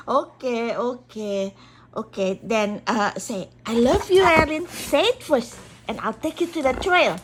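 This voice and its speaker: A woman's voice: high voice, sing-song, slow pace, a little hiss or hum. A young woman chatting casually with her dog, coaxing it with frequent laughs. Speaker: dog owner. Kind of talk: casual chat with her pet.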